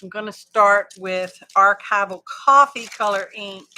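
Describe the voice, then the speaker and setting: Slow, chatty woman crafting live. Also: mid-range voice, sharp tone, slight background noise. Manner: chatty, thinks aloud, folksy asides. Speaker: craft livestream host. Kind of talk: casual craft livestream chat.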